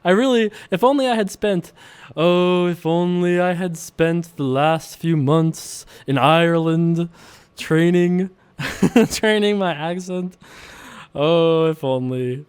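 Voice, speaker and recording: Chatty young man with a smooth voice. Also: on the high side, takes it slowly, a little mellow. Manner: chatty, laughs often, playful. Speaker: poker video host. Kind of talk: casual poker commentary.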